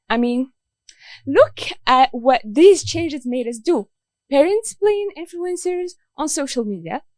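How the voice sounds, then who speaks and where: Lively high-voiced young woman debater. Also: dry recording, poor audio. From Morocco. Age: young adult. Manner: earnest, rhetorical questions. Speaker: student debater. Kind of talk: debate speech.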